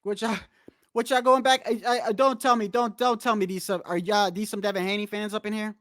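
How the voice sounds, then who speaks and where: A man's voice: high voice, fairly even intonation, quick pace, a bit bright, no room sound, clean studio sound. A man hosting a live stream, talking bluntly and with a lot of cursing while he answers viewers in chat. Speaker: livestream host. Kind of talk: casual live-stream rant.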